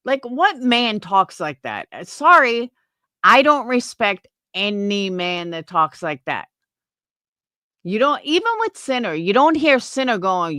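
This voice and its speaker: A young woman vents on her stream in an angry, scornful, profane rant. Her pitch swings widely from high outbursts to low mutters. The recording is dry and close. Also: sing-song, unhurried, bright, forceful tone, dry recording. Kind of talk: livestream reaction rant.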